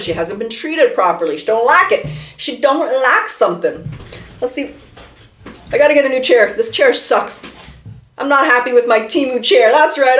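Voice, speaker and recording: A woman giving a casual tarot reading, chatty and animated, talking straight to the viewer from a room at home. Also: mid-range voice, roomy sound. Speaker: tarot reader. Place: room at home, seated in a chair.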